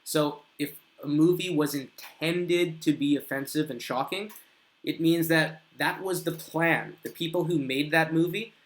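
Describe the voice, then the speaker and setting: During a live English grammar class, a fairly high-pitched man reads out viewer comments, fixes their mistakes, and stretches his example sentences out slowly.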